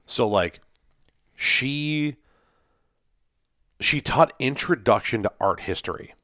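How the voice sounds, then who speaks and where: A young man in casual podcast chat, telling an animated story, acting out quotes and swearing freely. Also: medium pitch, slow pace, no room sound, clean studio sound.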